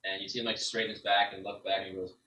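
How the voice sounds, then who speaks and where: A man's voice: lowish voice, level tone, rapid-fire, sharp tone, highs cut off, slight background noise. A man narrating as a tabletop game master, rambling and full of filler words. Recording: roomy, from a distance.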